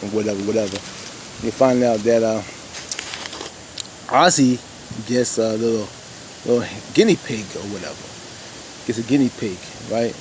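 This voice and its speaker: A man's voice: fairly low pitch, moderate pace, pauses often, a little mellow, slight background noise, poor audio. Rambling man recapping with heavy fillers. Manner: rambling, many "you know" fillers, addresses viewers as "y'all". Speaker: TV show reviewer. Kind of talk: casual episode recap.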